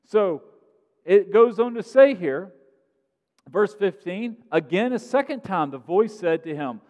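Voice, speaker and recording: A man preaching a sermon in a conversational style, growing loud on points of emphasis, in a large church sanctuary. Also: sits high, big pitch swings, slow. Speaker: pastor. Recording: long sanctuary reverb.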